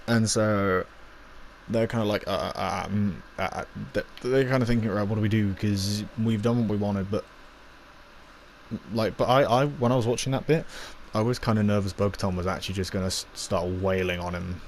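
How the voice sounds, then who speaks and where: A man with a fairly low voice talks through a review in a loose, rambling way. He recaps scenes, acts out bits of dialogue and trips over fillers. A faint hiss of noise sits under the recording. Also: fairly even intonation, normal speed. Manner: rambling, full of fillers and acted-out quotes.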